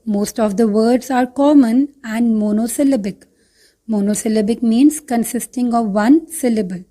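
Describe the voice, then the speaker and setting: A woman's voice: on the high side, moderate pace, dark tone. A woman teacher with an Indian English accent, explaining a poem over slides step by step and repeating key points. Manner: addresses students as children. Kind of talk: online slide lesson.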